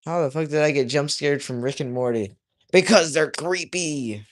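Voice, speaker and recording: A young man chatting casually on his livestream while he draws, reading viewers' comments aloud and joking around, his voice swinging from loud to mumbled. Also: medium pitch, fairly even intonation, brisk. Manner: reads chat aloud, jokey, drifts loud to mumbling. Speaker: livestreaming artist.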